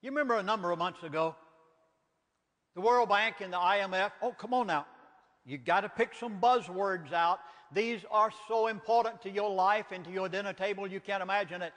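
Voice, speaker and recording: Older man, Southern US accent, high voice, emphatic preacher cadence, reverberant hall. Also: fairly quick, a bit bright. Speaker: lecturer. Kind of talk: public lecture.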